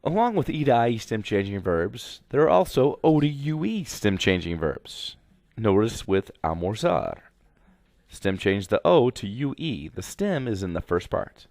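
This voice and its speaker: A man's voice: lowish voice, big pitch swings, unhurried, gravelly, darkish tone, dry recording, studio quality. A man teaching a grammar lesson slide by slide, speaking instructively and repeating directions to students. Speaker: Spanish teacher.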